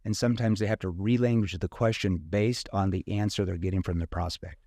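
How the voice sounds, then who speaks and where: A man's voice: fairly low pitch, steady tone, a little fast, warm tone, dry recording, studio quality. A man from rural Missouri, a sales trainer talking casually in an interview and acting out questions in different tones.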